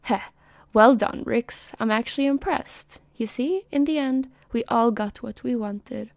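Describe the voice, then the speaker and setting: A woman's voice: fairly high pitch, a little slow, vocal fry, dry recording. A woman reading a smug male lieutenant. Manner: smug, self-satisfied.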